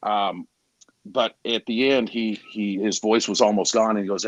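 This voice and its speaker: A man's voice: lowish voice, steady tone, moderate pace, no echo. Storytelling man in his forties. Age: 40s. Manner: candid, storytelling, quoting others in voices. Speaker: garage door salesman. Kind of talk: casual podcast storytelling.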